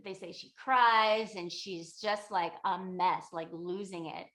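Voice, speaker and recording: A woman's voice: mid-range voice, fairly even intonation, slow pace, fairly bright tone. A meditation teacher, a woman, casually retelling a teaching story with loose, chatty phrasing. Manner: chatty, loose, many fillers like "like" and "you know".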